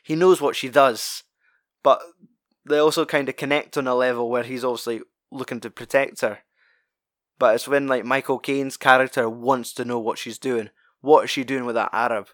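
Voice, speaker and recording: A man recaps a film in casual, profanity-laced chat, wandering from thought to thought and laughing along the way. His voice sits at an ordinary middle pitch and is recorded close and dry, with no room sound. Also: steady tone, normal speed, fairly bright tone, no room sound. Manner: sweary, rambling, laughs often.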